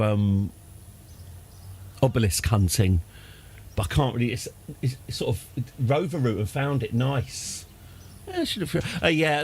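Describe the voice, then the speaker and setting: A man's voice: medium pitch, husky. A man streaming a space game, chatting and ranting in a self-deprecating way. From United Kingdom. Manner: chatty, self-deprecating, prone to rants and restarts. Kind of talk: rambling live game commentary.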